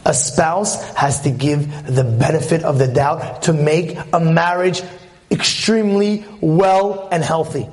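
High-voiced guy teaching, lively storyteller, lots of rhetorical questions. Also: gravelly. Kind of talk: lively lecture on marriage.

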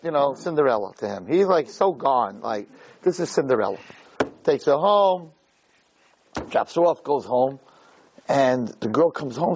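A man preaching with a comic streak, voice sitting a little high and leaping around in pitch as he tells his story. He slips into the characters' voices and keeps asking his listeners if they understand. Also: creaky, husky, rough recording. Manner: animated storyteller, acts out dialogue, addresses listeners directly. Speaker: rabbi teaching a class. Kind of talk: humorous sermon with storytelling.

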